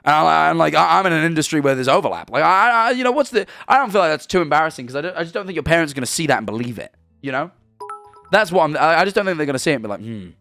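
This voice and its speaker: Male streamer, twenties, casual and rambling, slightly higher pitch, dry close mic. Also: expressive, racing, vocal fry, pushed and bright, no echo, faint music behind. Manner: rambling, stumbling tangents. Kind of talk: casual live-stream chat, reading viewer messages. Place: home streaming room.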